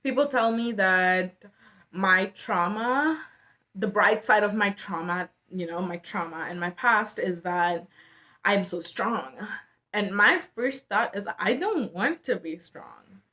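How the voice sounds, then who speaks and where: A woman's voice: mid-range voice, animated, slow, bright, forceful tone. A young adult woman talking to camera about hard personal topics, earnest and hesitant, with many fillers and restarts. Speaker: mental health vlogger. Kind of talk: casual emotional talk to camera.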